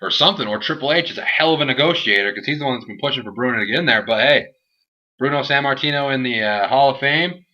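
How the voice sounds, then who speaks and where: Young guy ranting, bright lo-fi voice. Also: mid-range voice, fast talker. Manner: animated, rambling, jokey. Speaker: wrestling show reviewer. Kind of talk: casual video review. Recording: dull lo-fi home recording.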